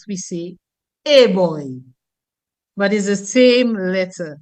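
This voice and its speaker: A fairly high-voiced woman from Dominica. She speaks as a linguist guest on a radio call-in program. She explains patiently and illustrates her points with spoken examples. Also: a bit bright. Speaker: linguist guest and former teacher.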